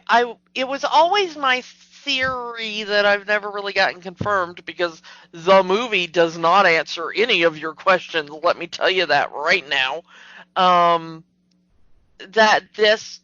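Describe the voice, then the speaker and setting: A woman's voice: medium pitch, sharp tone, no echo. A woman co-hosting a podcast, chatting skeptically and animatedly about a movie, with plenty of fillers. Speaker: podcast co-host. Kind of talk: casual movie discussion. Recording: dull lo-fi podcast audio.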